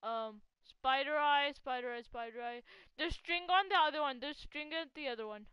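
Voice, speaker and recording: A woman giving casual live gameplay commentary as a gaming channel host. She is excitable, laughs often and teases a teammate. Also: sits high, normal speed, no echo, muffled recording.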